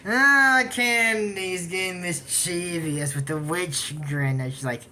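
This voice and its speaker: A woman's voice: lowish voice, takes it slowly, sharp tone, a little hiss or hum. A woman casually recapping a cartoon episode, rambling off on tangents and giggling often. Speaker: anime episode reviewer.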